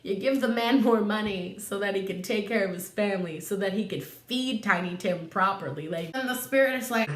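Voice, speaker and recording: A woman's voice: mid-range voice, fairly quick, few pauses, echoey room. A young woman vlogger in her twenties giving a tipsy comedic retelling, full of slang, swearing and laughs.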